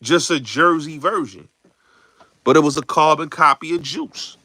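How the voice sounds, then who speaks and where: A man, hosting a show, chatting casually and acting out movie lines in slangy, animated talk. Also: on the high side, moderate pace, husky, no room sound. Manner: slangy, repeats yo and son. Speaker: show host.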